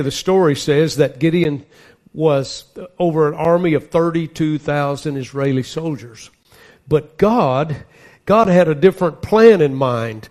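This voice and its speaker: A pastor delivers a sermon in an earnest, emphatic way, leaning into scripture as he reads it aloud. His voice sits somewhat high for a man. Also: a little mellow.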